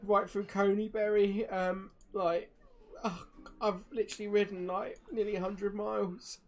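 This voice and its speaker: Woman as a terrified young farmhand, stammering and crying, pitched way up. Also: flat delivery, measured pace, natural voice. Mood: panicked sobbing. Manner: frantic, sobbing, voice cracking. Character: panicked young male farmhand, sobbing.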